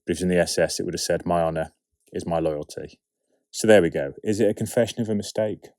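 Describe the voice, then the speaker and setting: A man of around forty gives relaxed production commentary, asking himself questions and answering them with wry asides. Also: low-pitched, fast, no room sound, studio quality. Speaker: writer and producer of an audio drama series. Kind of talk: behind-the-scenes production commentary.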